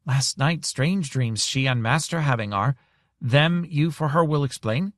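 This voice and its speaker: A man's voice: mid-range voice, a little slow, dry recording, studio quality, voice pushed up, natural voice. A man reading an audiobook, voicing an eager young servant woman who speaks in inverted word order. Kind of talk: audiobook character voice.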